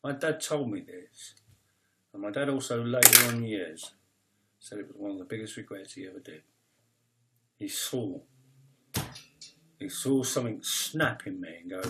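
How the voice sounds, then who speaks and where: A man in his fifties, a poet, tells his life as a raw confession, emotional and halting, with blunt swearing. His voice is on the low side and a bit bright, with a little hiss or hum.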